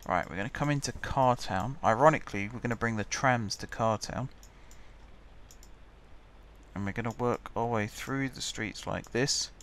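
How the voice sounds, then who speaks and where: A man's voice: medium pitch, moderate pace, a bit bright. A man chatting casually as he plays a building game, muttering to himself while he builds. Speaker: gaming channel host.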